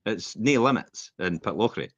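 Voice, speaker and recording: A middle-aged Scottish man chatting on a podcast, spinning rambling stories and slipping into other people's voices. His lowish voice swings widely up and down as he talks. The sound is dry and dull, like a modest lo-fi recording. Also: moderate pace, no echo. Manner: rambling, animated storyteller who acts out quotes. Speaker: podcast co-host. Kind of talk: casual chat, anecdotal storytelling. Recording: dull, slightly lo-fi podcast audio.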